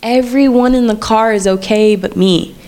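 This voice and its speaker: A woman's voice: fairly high pitch, moderate pace, a little mellow, clean tone. A woman in her twenties hosting a personal podcast, telling her story in a candid, conversational way and repeating phrases for emphasis. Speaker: podcast host.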